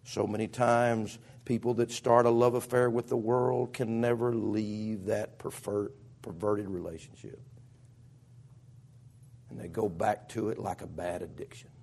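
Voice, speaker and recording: A man preaching a sermon as pastor, with impassioned delivery that swings between loud and soft. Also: lowish voice, level tone, unhurried, gravelly.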